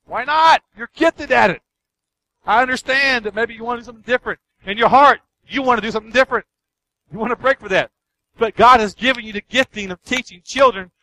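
A male pastor delivering a sermon in a fairly high voice. He hammers points home by repeating them and briefly mimics the excuses people give. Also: fast talker, sharp tone, low-quality recording. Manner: emphatic, repeats key lines, acts out excuses.

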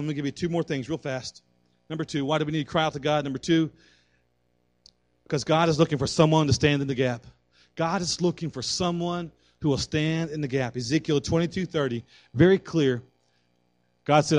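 A man preaching a fervent sermon as pastor, building to loud calls for prayer. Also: on the high side, dry recording.

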